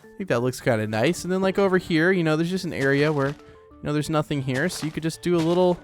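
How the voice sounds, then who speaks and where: Quick-paced and on the high side, this man's voice carries casual commentary as he plays through a let's play. He rambles and leans on fillers, with faint background music.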